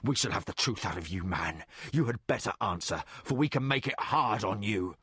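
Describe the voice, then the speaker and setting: A man voicing a stern prince who interrogates a prisoner with forceful demands. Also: fairly low pitch, animated, moderate pace, husky, dry recording, studio quality, voice pushed down, heavily acted. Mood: threatening. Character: stern young male prince, commanding and impatient.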